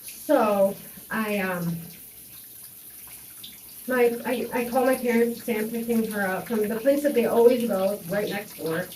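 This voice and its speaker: A woman's voice: fairly high pitch, measured pace, long pauses, a little mellow, far from the mic, a little hiss or hum. A young woman telling a personal story in a rambling way, with many fillers and restarts. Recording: echoey room, voice off-mic, faint running water.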